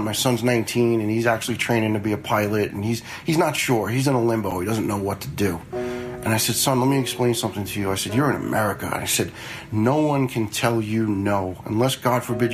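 Blunt and conversational, with a bit of swearing, a retired fire lieutenant in his fifties swaps casual stories. His voice sits lowish, and the recording is rough.

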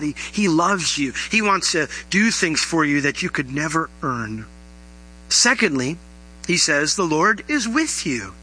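Bright, animated male preacher. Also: high-pitched, low-quality recording. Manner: animated preaching, acts out quoted voices. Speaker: pastor. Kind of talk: sermon.

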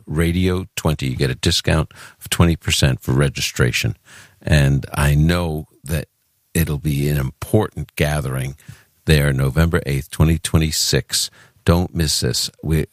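A man with a New York accent hosts a call-in radio show in a chatty, loose way. His voice is very low and sits close in a dry studio. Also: no room sound. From Brooklyn, New York. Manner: chatty, with fillers and restarts. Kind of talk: casual talk radio. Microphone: studio microphone.

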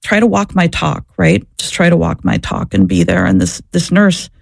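A woman's voice: lowish voice, very animated, normal speed, vocal fry, no echo, clean studio sound. A woman and former social worker answering interview questions, telling her story in an earnest, reflective way. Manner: earnest, reflective, searching for words.

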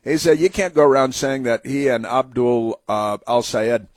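A man's voice: mid-range voice, normal speed, no echo. Sarcastic rambling talk-radio man. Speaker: radio host. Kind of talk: political talk radio commentary.

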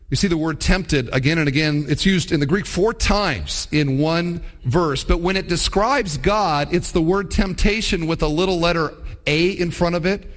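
Middle-aged male pastor with a high voice, preaching emphatically with animated asides. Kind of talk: sermon.

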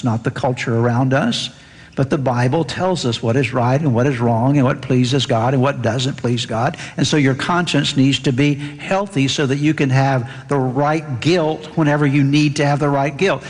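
A man delivers an earnest sermon from the pulpit, his voice at an ordinary middle pitch. He lifts it higher when he reads scripture aloud. A long hall reverb trails every phrase, as if he is in a church sanctuary. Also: moderate pace. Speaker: pastor.

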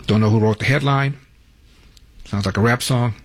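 A man's voice: mid-range voice, normal speed. Wry male talk radio host. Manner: wry, sarcastic asides. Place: radio studio.

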